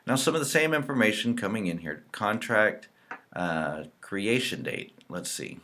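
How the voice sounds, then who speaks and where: Male trainer, deep voice, easygoing tutorial delivery at a desk mic. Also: moderate pace. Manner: relaxed, explanatory, types out example entries as he talks. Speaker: real estate software trainer. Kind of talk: screen-recorded software tutorial.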